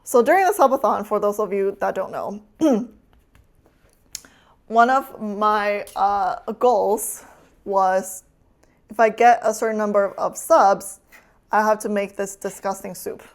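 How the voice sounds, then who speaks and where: A woman's voice: mid-range voice, slow. A woman streamer chatting casually with her chat while cooking, teasing and laughing often.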